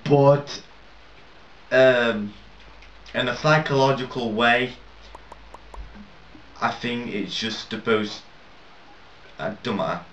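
A man's voice: mid-range voice, slow pace, long pauses, a bit bright, a little hiss or hum. A young man rambling and swearing through casual gameplay commentary, laughing at his own mistakes. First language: not English. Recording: lo-fi roomy home mic at a distance.

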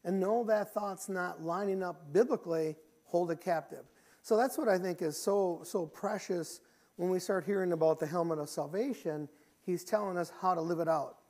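Middle-aged man, church pastor, earnest sermon delivery with restarts and throat clearing. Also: high voice, normal speed, darkish tone. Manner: earnest, repeats words as he restarts, often clears his throat.

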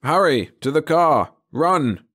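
A man's voice: medium pitch, brisk, lightly acted. A man voicing a young male agent in a storybook reading, speaking in a firm, urgent way.

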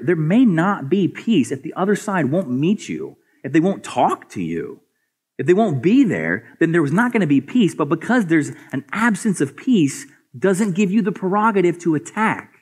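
A man's voice: very animated, normal speed, slightly rough. A male pastor preaching a sermon earnestly, asking rhetorical questions and often repeating words as he builds a point. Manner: swings between soft, low asides and raised, higher emphatic passages.

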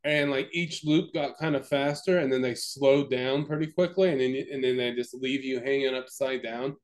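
A man's voice: medium pitch, moderate pace. Young male podcast co-host; loose, profane storyteller, heavy on fillers and restarts. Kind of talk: casual chat.

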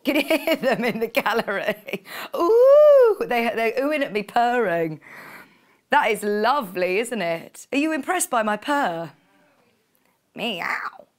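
A woman's voice: a little high, expressive, normal speed. A woman presenting fabric on a live TV shopping channel, chatty and gushing, with frequent gasps and laughs. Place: TV studio.

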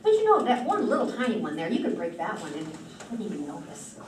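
A woman's voice: lowish voice, wildly swooping pitch, fast, noisy background. A woman voicing a sly, wheedling male trickster god in a told myth. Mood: coaxing. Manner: coaxing, wheedling. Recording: roomy distant hall mic.

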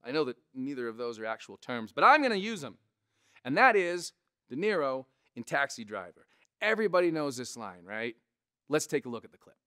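A man with a resonant voice, a comedian casually teaching impressions to camera, animated and conversational. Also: mid-range voice, a little fast. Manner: animated, conversational, frequent "right?" asides. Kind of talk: casual instructional talk to camera.

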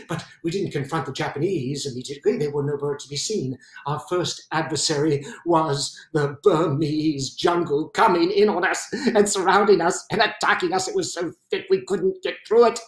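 A zealous, excitable British WWII general , played by a man in a one-man stage show, who hammers his points home by repeating them. His voice sits fairly high, and the theatrical monologue comes from a distant mic in a roomy space. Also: lightly acted.

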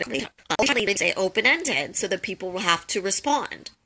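Chatty young woman giving tips on a call, bit of fry in her voice, bright and punchy, lots of likes and ums. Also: mid-range voice, lively intonation, a little slow. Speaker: host of a social media tips call. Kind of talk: casual advice talk on a live call.

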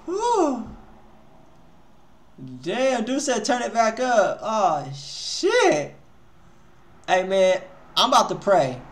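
High-voiced, slangy male stream host. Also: very animated, takes it slowly. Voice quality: slight stutter. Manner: loose and slangy, swinging from mumbling asides to loud exclamations. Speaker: host of a live music review stream. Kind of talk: casual live-stream commentary. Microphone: headphones on while streaming.

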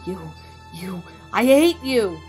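A woman reading a fan story aloud, voicing a grief-stricken, enraged young girl who shouts through tears. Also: mid-range voice, sing-song, racing, soft background music, natural voice. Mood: furious.

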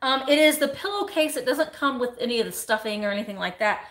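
A woman's voice: fairly high pitch, animated, quick pace, a bit bright. Chatty woman auctioneer. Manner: chatty and rambling, reads viewer comments aloud. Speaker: live sale host. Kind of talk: casual live-stream auction chat.

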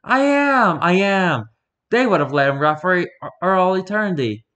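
A man's voice: sits high, lively intonation, moderate pace, pushed and bright. A man voicing a sly, theatrical masked lord who is not human, pompous and mocking, in a spoken story. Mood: scheming.

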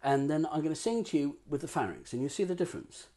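A man giving a playful voice lesson as a voice coach, swooping between low talk and high vocal demonstrations. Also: big pitch swings, fast, warm tone, a little hiss or hum.

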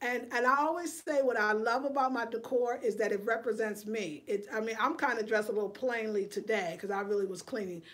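A woman's voice: a little high, brisk, few pauses, fairly bright tone. Chatty woman greeting her viewers. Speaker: home decor vlogger hosting a live chat. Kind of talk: casual livestream chat. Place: home living room.

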